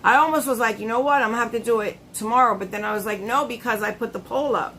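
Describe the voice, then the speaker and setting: A woman's voice: fairly high pitch, fast, sharp tone, a little hiss or hum, rough recording. A woman hosting a casual live stream, chatty and laughing often, greeting her viewers by name.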